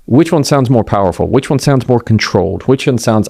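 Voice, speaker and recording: A middle-aged man gives a motivational talk on communication. He speaks conversationally, acts out quoted voices and slows down to land key points. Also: mid-range voice, expressive, gravelly, dark tone. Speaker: communication coach.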